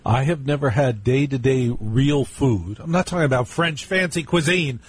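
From the studio, a radio talk show host runs a live call-in program, telling stories in a chatty way, slipping in wry asides to listeners, and repeating the call-in number. His voice is husky and slightly breathy, sitting in an ordinary middle male range at a moderate pace.

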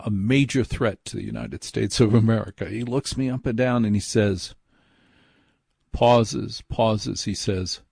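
A man's voice: fairly low pitch, creaky, darkish tone, breathy edge, no room sound. A man hosting a late-night radio show, telling a story in a chatty, self-deprecating, rambling way from a studio mic.

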